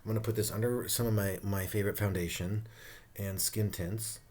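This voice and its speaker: A man's voice: fairly low pitch, fairly even intonation, fairly quick, a little mellow. A man giving a casual skincare review at home, campy, profane and playful, laughing often. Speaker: beauty vlogger reviewing skincare.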